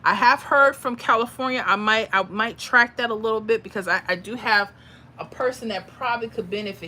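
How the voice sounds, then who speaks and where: A woman's voice: medium pitch, moderate pace, long pauses, sharp tone, a little hiss or hum. A woman hosting a casual livestream, talking freely with viewers and reacting to their comments. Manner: chatty, reads viewer comments aloud, emotional asides. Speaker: livestream host giving lottery picks.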